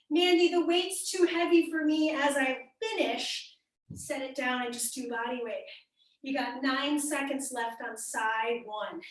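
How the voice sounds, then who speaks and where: In a very echoey room, well away from the mic, a young fitness instructor with an American Midwestern accent runs a live workout. Her bright, high voice stays upbeat as she counts down and encourages participants by name.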